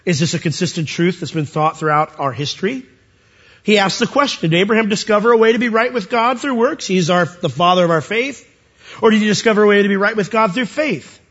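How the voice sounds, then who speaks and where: A man preaching a sermon, animated and rising to high emphatic peaks as he quotes scripture. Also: quick pace, muffled recording.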